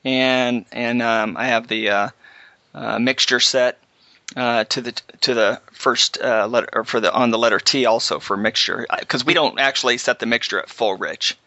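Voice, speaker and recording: A man hosting a casual chat, telling a halting, animated story about flying. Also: medium pitch, no room sound. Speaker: podcast host, pilot. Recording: slightly dull, dry audio.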